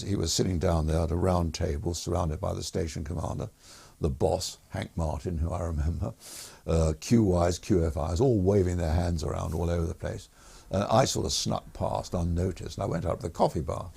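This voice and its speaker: Older ex-pilot guest, deep gravelly voice, rambling anecdotes. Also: male voice, warm tone. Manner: rambling, self-correcting, chuckles while telling stories. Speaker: guest, retired air force pilot. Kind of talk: anecdotal interview storytelling.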